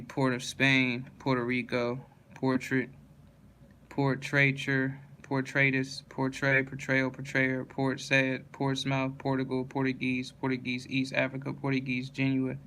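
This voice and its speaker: A man reads out a long list of dictionary words in a completely level, unvaried voice. His pitch sits in a middling range, and he sometimes trips over a word and restarts it. A faint noise hangs under the recording. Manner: flat, monotone listing with self-corrections.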